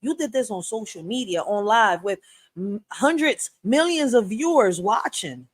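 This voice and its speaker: A woman hosting a live stream, giving blunt and passionate commentary that rises to loud outbursts. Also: medium pitch, lively intonation, measured pace, dry recording.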